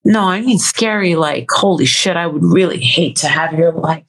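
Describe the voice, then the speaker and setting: A woman's voice: lowish voice, normal speed. A woman speaking as a guest in a casual interview. She is blunt and swears freely. She laughs often between her remarks.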